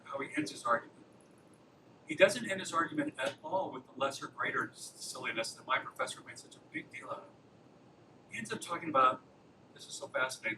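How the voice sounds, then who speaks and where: A man's voice: mid-range voice, far from the mic, background noise. A man from Los Angeles giving an informal lecture to a campus club, keeping it conversational with frequent rhetorical questions. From Los Angeles, USA. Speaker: guest speaker at a campus apologetics club. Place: lecture room.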